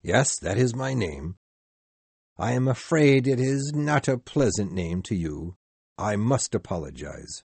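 Guy putting on a giddy old miser for a storybook, husky, shouty and thrilled, swoops up and down. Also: fairly low pitch, sing-song, a little slow, dry recording, full character voice. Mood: earnest. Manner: laughing, exclaiming, overjoyed. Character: giddy elderly reformed male miser.

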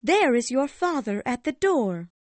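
A woman voicing a gentle, cheerful mother in a grieving family, speaking softly and steadily in a storybook reading. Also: high voice, very animated, a little slow, no echo. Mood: tender. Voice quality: soft and cheerful.

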